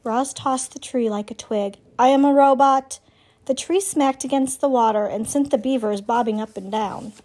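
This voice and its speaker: A woman reading a children's novel aloud as narrator, in clear, steady storytelling. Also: a little high, moderate pace, hardly any pauses.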